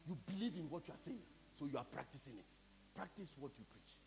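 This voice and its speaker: A man with a Ghanaian accent preaching a sermon, building up to shouted lines. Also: on the high side, expressive, fast talker, gravelly, poor audio. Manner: preaching, switching between Twi and English, rising to shouts. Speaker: pastor. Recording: with loud music behind.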